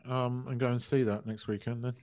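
Fairly quick and darkish in tone, this man's medium-pitched voice shows little pitch movement. As a podcast co-host in casual chat, he leans on frequent fillers and tosses in casual swearing.

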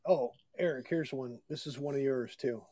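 A man's voice: medium pitch, moderate pace, dark tone, no room sound. A man hosting a casual chat about rock music, enthusiastic and agreeable. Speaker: host.

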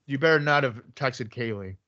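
A man's voice: mid-range voice, moderate pace, sharp tone. Dry-witted man on slightly dull audio. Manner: dry, teasing banter. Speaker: podcast co-host. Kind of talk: casual wrestling watch-along chat.

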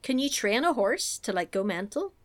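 A woman's voice: on the high side, moderate pace. A woman recapping a film in casual chat as a podcast co-host, laughing often and acting out the lines. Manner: animated, laughing, acts out quotes.

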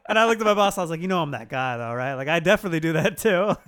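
A man's voice: a little high, racing, smooth. A man co-hosting a podcast, chatting casually and telling jokey stories. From United States. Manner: joking, lively storytelling. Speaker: podcast co-host. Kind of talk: casual chat.

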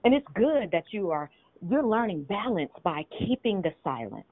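A woman leading a group call, giving spiritual teaching in a measured, teacherly way with rhetorical questions. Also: mid-range voice, big pitch swings, dry recording. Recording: tinny phone line.

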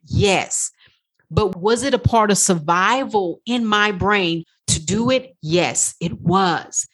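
A woman life coach talking through a podcast monologue, animated and profane, acting out her own inner voice. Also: medium pitch, husky.

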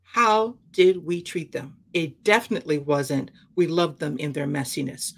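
A woman co-hosting a ministry podcast, talking through a Bible parable in a lively, conversational way and slipping into character voices. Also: sits low, moderate pace, creaky, slightly rough. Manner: animated, acts out the characters she describes.

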